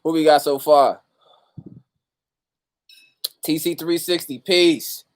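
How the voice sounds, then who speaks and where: A man speaks slowly in a fairly high, steady voice as he hosts a casual livestream. He greets his viewers by name, chatting loosely with street slang and abundant profanity.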